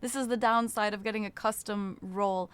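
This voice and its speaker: A woman's voice: medium pitch, steady tone, fairly quick, a bit bright, clean tone. A young adult woman chatting casually with her live-stream viewers, greeting them by name and swearing offhandedly.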